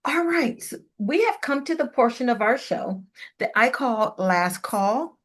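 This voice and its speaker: A woman's voice: on the high side, lively intonation, unhurried. A middle-aged woman hosting a radio interview show, chatting playfully and laughing often. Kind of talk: casual interview chat.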